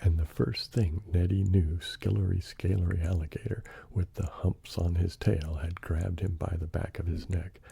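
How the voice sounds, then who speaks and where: A man reading a bedtime story in a soft-spoken ASMR style, hushed and partly whispered. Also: low voice, fairly even intonation, normal speed, creaky, hardly any pauses, husky, no room sound.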